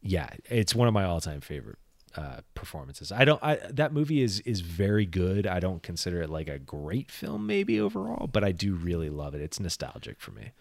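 A man's voice: low voice, big pitch swings, brisk, vocal fry, darkish tone, no echo, clean studio sound. A man co-hosting a podcast, telling a long story in casual movie chat, rambling with many restarts. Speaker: podcast co-host.

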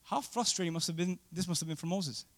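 High-voiced man preaching an animated sermon. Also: quick pace. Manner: animated, asks the congregation for responses; swings between loud exclamations and hushed asides.

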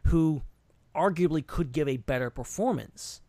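A man's voice: fairly high pitch, normal speed, warm tone, dry recording. Opinionated male podcast co-host, dry sound. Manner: thinks aloud, qualifies his opinions. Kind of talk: casual podcast chat.

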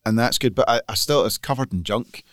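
A Scottish man co-hosts a podcast, chatting casually in a grumbling, dryly dismissive way. His voice has a middling pitch. It is recorded close and dry, with no room echo. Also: fairly quick, a bit bright. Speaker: podcast co-host, magazine editor. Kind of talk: casual chat.

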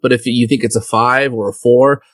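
A man co-hosting a movie podcast from home over a video call. He talks in a laid-back, hesitant, jokey way. His voice sits at a middling pitch and the recording is very dry, with no room sound. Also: steady tone, moderate pace, dry recording. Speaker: podcast co-host. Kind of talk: casual chat.

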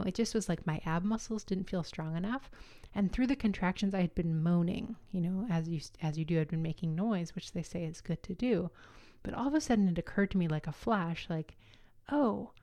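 Candid woman telling a story, smooth-voiced. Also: on the low side. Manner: candid, animated, acts out quotes with laughs. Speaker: podcast host telling her birth story. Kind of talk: casual personal storytelling.

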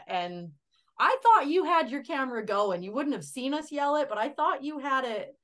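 An American woman, a podcast guest, telling lively stories in casual chat. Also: high voice, normal speed. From United States. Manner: lively, laughing storyteller.

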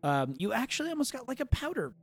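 A man co-hosting a casual podcast chat, telling a food story with profane, animated enthusiasm. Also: very high-pitched, fast talker, gravelly, slightly rough. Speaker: podcast co-host.

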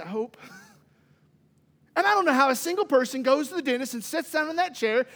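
A man preaching a sermon, moving from loud exclamations to quiet asides and folksy stories. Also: very high voice. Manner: folksy, humorous anecdotes. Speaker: pastor. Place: church sanctuary. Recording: long church reverb.

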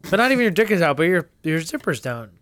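A man co-hosting a podcast in casual comedic chat, hesitant and deadpan. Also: a little high, quick pace, dry recording. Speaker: podcast co-host.

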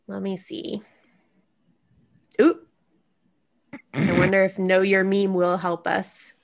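A woman's voice: medium pitch, level tone, slow, creaky. A woman hosting a casual podcast chat, wry and teasing, thinking aloud as she looks things up. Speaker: podcast host.

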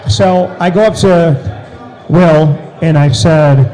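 A man telling an animated story as an interview guest, with loud excited bursts. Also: high-pitched, moderate pace, a faint crowd, rough recording.

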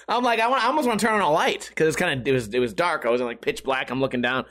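A man's voice: fairly high pitch, racing, hardly any pauses, a bit bright. A man chatting casually on a stream, telling rambling stories full of swearing and giggles. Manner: profane, giggly storytelling.

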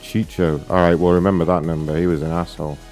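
A man's voice: low voice, flat delivery, fast, over music. Brash, profane prank-calling man. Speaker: prank caller. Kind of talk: prank call show banter.

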